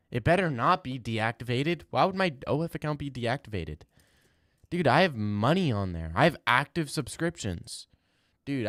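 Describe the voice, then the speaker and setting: A young man on a live stream reacts to chat with loud, mock-outraged rants. His voice sits in a middle pitch and jumps higher when he gets worked up. He is close on the mic in a dry room. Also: dry recording.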